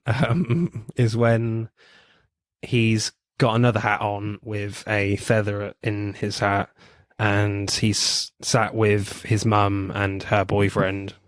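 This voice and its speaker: A man's voice: on the low side, level tone, slow, no room sound, clean studio sound. A man co-hosting a podcast, reviewing films in casual chat, laughing often and swearing freely. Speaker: podcast co-host.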